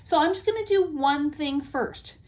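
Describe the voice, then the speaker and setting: A woman's voice: high voice, normal speed, darkish tone. A middle-aged woman hosting a craft tutorial, chatty and reassuring as she gives practical tips step by step.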